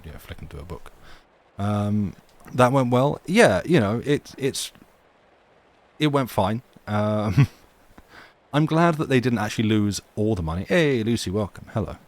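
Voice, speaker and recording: A man with a fairly low voice reading classic stories aloud for a live stream audience. His narration is measured and dramatic, and between stories he talks casually to his viewers. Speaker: livestream reader.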